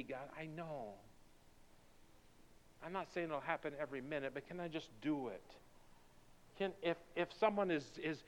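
With a fairly high, slightly bright voice, a male pastor preaches in a church sanctuary, hammering home emphatic rhetorical questions again and again. The recording is dull, with a long hall reverb.

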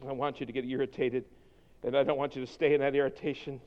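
A man preaching a sermon as pastor, swinging from quiet, intense passages to shouted exhortation. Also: medium pitch, flat delivery, quick pace, lo-fi sound. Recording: long hall reverb.

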